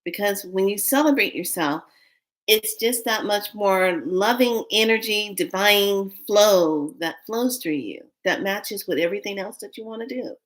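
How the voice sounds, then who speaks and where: An excitable, animated woman gives a spiritual card reading in a loose, chatty way. Her voice sits at an ordinary middle pitch for a woman, and she repeats words for emphasis as she talks. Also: measured pace. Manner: animated and excitable, breaking into whispers and laughs.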